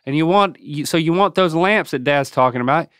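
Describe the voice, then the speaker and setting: A man co-hosting a casual podcast chat, explaining home tips in an animated way with playful sound effects. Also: a little high, a little fast, smooth, no echo, studio quality. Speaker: podcast co-host.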